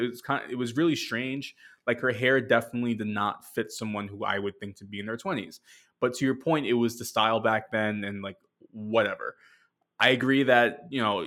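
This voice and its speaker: A man's voice: lowish voice, pushed and bright. A man co-hosting a podcast in casual chat, rambling with lots of "like" and dry sarcasm. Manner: rambling, sarcastic, many fillers. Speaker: podcast co-host.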